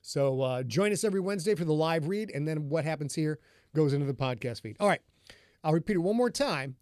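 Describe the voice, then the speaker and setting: A rambling, chatty man from northern Michigan hosts a live stream before a reading and greets viewers as they arrive. His voice sits a bit high for a man. The sound is dry and close, with almost no room. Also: animated, brisk, darkish tone, dry recording. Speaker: author hosting a live podcast reading. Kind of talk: casual chat with a live stream audience.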